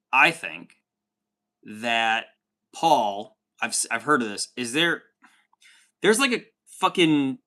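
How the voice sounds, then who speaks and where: A man in his thirties with a medium-pitched, pushed, bright voice hosts a livestream. He chats casually, reads out chat comments, rambles, swears often and says "dude" a lot.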